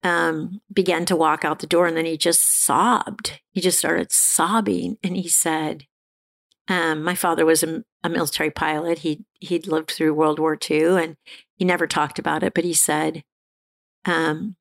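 A middle-aged woman candidly telling her personal recovery story as an interview guest, halting and restarting as she talks. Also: deep voice, flat delivery. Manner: halting, frequent restarts and fillers, laughs now and then.

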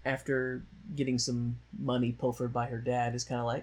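A man's voice: medium pitch, completely flat delivery, normal speed. A man chatting casually about a movie he watched, rambling along with frequent laughs and a sardonic edge. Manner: rambling, laughs often, slips into mocking voices for quotes. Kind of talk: casual chat, movie discussion.

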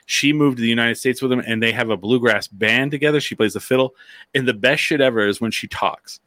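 A man's voice: mid-range voice, a little fast, sharp tone, dry recording. A man chatting casually on a podcast, rambling and full of filler words. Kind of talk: casual chat.

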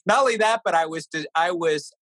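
The guest is a middle-aged author from New Hampshire who talks a little fast, explaining concepts and telling a family anecdote in a conversational interview. He tells stories with animation and a lively pitch, though the recording is low-quality with no room sound.

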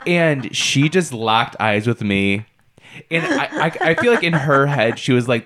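A man co-hosting a podcast, his pitch swinging widely as he tells animated stories. He slips into other people's voices mid-story, keeping a casual, chatty tone throughout. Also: unhurried. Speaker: podcast co-host. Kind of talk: casual chat.

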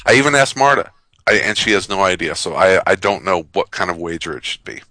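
A brash man co-hosting a podcast, teasing his friends and swearing freely. His voice sits a bit low yet sounds bright and forceful. It is recorded close and dry. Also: lively intonation, a little fast, no echo, low-quality recording. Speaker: podcast co-host. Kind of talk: casual chat.

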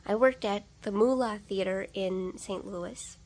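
A woman's voice: medium pitch, unhurried, darkish tone. A woman in casual conversation, telling stories in a laid-back way and reacting with easy laughter. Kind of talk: casual chat.

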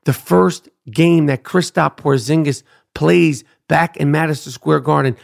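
A middle-aged man rants on his own podcast, brash and profane. His voice sits high for a man and has a gravelly rasp. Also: a little slow. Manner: loud, brash, trash-talking, repeats "Duke". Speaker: podcast host. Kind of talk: profane ranting monologue.

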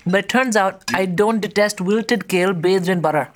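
A woman comedian from India, talking candidly over lunch in an interview, blunt and animated as she tells stories with quick asides. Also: mid-range voice, a little hiss or hum. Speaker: stand-up comedian, guest. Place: at a restaurant table over lunch.

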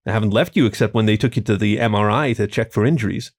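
A man voicing a tall, caring male wolf in a story reading, quiet and reassuring. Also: on the low side, fast talker, creaky. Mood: fond.

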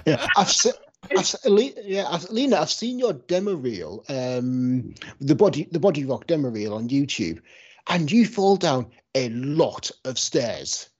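Low, husky woman asking questions. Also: sing-song. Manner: halting, restarts words, curious questions. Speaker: author guest. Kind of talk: casual podcast chat. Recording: dull lo-fi podcast audio.

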